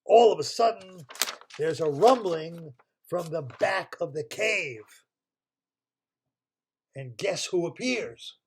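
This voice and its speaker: A man's voice: a little high, lively intonation, takes it slowly, pauses often, a little mellow, slightly rough. Playful older man telling a story. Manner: playful, chatty, asks listeners multiple-choice questions. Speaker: storyteller for children. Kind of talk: improvised story with quiz questions. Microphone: computer mic on a video call.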